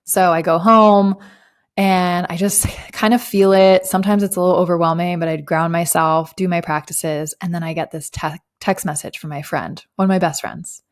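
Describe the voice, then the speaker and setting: A woman's voice: fairly low pitch, fairly even intonation, moderate pace. A woman guest on a podcast, a business coach, chatting casually and telling a personal story with plenty of fillers. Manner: reflective storytelling with frequent fillers.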